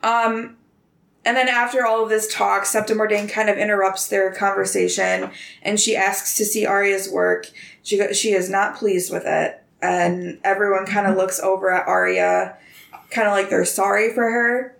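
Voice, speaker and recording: A podcast host summarizes a book chapter in a chatty, casual way, peppering her speech with ums and likes. Her medium-pitched voice is fairly bright with vocal fry, holding a level tone at normal speed.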